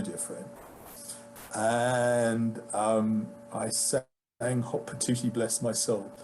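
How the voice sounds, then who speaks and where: A British man, an actor, telling casual anecdotes about his career with animated delivery, acting out the lines of people he quotes. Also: fairly low pitch, slight background noise, low-quality recording. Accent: British English. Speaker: guest actor. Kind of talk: casual storytelling.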